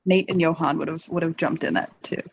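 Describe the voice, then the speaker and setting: A woman narrates her moves in a tabletop role-play game. Her voice is husky and her delivery is animated and quick. The recording is dull and lo-fi. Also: sits low. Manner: animated, quick, laughing asides. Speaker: player. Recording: dull lo-fi mic.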